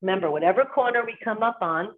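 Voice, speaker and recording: Fast and medium-pitched, this qigong instructor with a New Jersey accent calls out short cues in time with each movement of the class. The audio has a tinny, phone-like quality.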